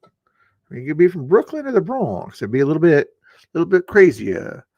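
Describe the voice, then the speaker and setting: A man doing a brash New York guy with a thick street accent, drawn out and swaggering. The delivery is laid back, with plenty of swing in the pitch. It is recorded close and dry. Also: wildly swooping pitch, extremely slow, breathy edge, dry recording, highs cut off, full character voice.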